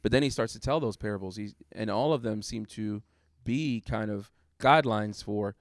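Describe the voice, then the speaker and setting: A man's voice: on the low side, fairly even intonation, a little fast, few pauses, dry recording. A man recounting a sermon he preached, talking it through thoughtfully with lots of fillers and restarts. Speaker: guest preacher. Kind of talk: casual conversation about a sermon.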